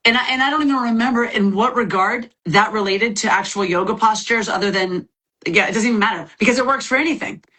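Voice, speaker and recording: A woman's voice: a little high, fast talker, bright, forceful tone. A woman guest from the American South, chatting energetically and teasing a little on a live stream. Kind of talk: casual chat from a live stream.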